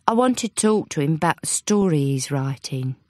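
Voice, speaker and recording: A woman reads as an earnest young female reporter in an audiobook. She is quick to set things straight and a little flustered. The sound is close and dry. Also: low-pitched, lively intonation, darkish tone, no room sound. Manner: earnest, quick to defend herself. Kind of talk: audiobook character voice.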